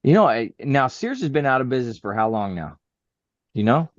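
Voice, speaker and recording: A man's voice: mid-range voice, very animated, a little fast, dry recording, dull audio. A man hosting a podcast in casual chat, reacting often and laughing along. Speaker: podcast host.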